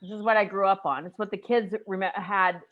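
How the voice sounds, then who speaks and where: A woman in her forties from the United States, telling a personal story in a casual group chat, animated and emotional. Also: mid-range voice, fairly quick, phone-quality sound. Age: 40s.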